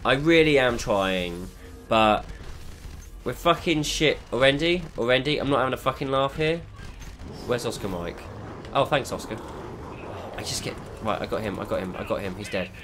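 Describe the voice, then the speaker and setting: A man's voice: mid-range voice, normal speed, pauses often, fairly bright tone, slight background noise. Swearing, frustrated gamer man. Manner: frustrated, heavy swearing, exasperated. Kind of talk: gameplay commentary.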